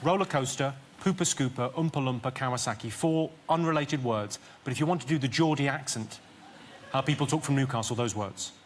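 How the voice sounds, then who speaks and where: A man's voice: mid-range voice, brisk. A man, a stand-up comedian, chatting playfully on a talk show and demonstrating things step by step. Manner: playful, teaching with repeated demonstrations. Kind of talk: jokey talk show chat. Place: TV studio. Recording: studio audience, background noise.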